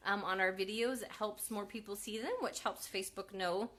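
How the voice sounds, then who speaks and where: A woman's voice: mid-range voice, fairly even intonation, moderate pace, fairly bright tone. A woman hosting a casual craft live stream, chatting and reading out viewer comments.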